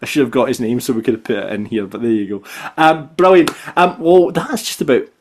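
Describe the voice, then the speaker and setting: A man with a Scottish accent hosting a football podcast, telling stories in a chatty, animated way and often tagging "right?" onto his sentences. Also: medium pitch, fast talker. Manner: animated storyteller, repeats "right?". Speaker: podcast host. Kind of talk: casual football podcast chat.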